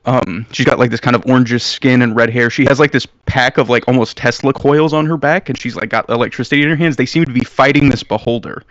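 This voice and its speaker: A man's voice: medium pitch, fairly even intonation, fast talker, few pauses, a bit bright, dry recording, highs cut off. A man narrating as game master in a casual, filler-heavy way.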